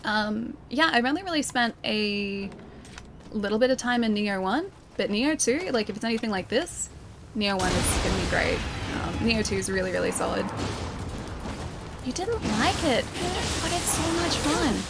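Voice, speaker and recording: A woman's voice: on the high side, expressive, normal speed, a little hiss or hum. Chatty Australian woman streaming a game. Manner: chatty, reads out and thanks chat, many fillers. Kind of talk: casual live-stream chat while gaming. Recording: game music playing behind.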